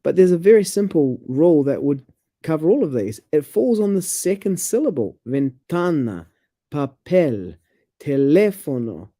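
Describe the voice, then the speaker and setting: A man, chatting casually about language and reading passages aloud with halting restarts. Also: a little high, very animated, mellow, dry recording.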